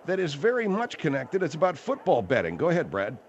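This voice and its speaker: A man hosting a call-in radio talk show, animated and refereeing his callers. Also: fairly high pitch, fast, lo-fi sound, a little hiss or hum.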